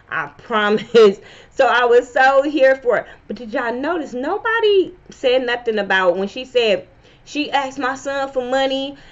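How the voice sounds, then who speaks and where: A woman, reviewing reality TV in a blunt, profane, animated rant. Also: fairly high pitch. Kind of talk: casual opinion vlog. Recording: slightly dull lo-fi sound.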